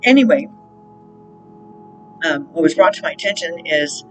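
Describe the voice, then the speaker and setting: A woman's voice: deep voice, expressive, moderate pace, pauses often, over music, poor audio. A woman hosting her own spiritual channel, talking in a rambling, casual monologue with plenty of fillers and the odd swear word. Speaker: spiritual counselor and channel host.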